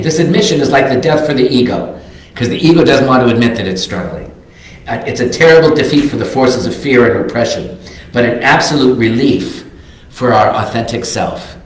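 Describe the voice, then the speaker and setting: A man's voice: mid-range voice, a little hiss or hum. An older man giving a reflective, earnest sermon as a minister, reading quotes aloud. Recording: very echoey sanctuary.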